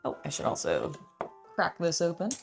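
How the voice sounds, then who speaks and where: Low-voiced woman chatting while building LEGO. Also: wildly swooping pitch, moderate pace, creaky, soft background music. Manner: chatty and rambling, talks to her cat, many fillers. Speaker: LEGO builder and channel host. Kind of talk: casual building vlog chat.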